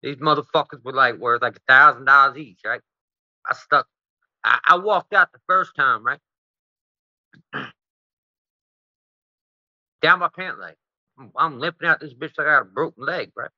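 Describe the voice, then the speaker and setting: A man's voice: mid-range voice, moderate pace, long pauses, bright, forceful tone, no room sound, dull audio. A man as an interview guest, telling a profane, rambling story and tagging his sentences with "right?".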